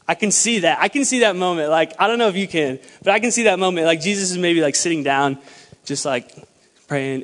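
A young man preaching a sermon to a church, animated, acting out dialogue in lowered voices. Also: brisk. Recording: long hall reverb.

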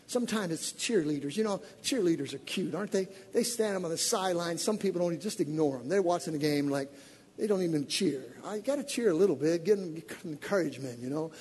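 Husky high-voiced preacher in a hall. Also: male voice, animated, fast talker. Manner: swings from loud shouted exhortation to low conversational storytelling. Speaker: pastor. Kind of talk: sermon. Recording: long hall reverb.

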